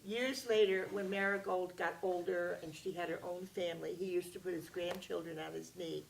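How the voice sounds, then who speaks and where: Lady telling a kids' story, gravelly, lots of expression, kinda far from mic. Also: on the low side, moderate pace. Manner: expressive, with sound effects and acted voices. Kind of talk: animated oral storytelling to a child. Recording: distant mic with faint background noise.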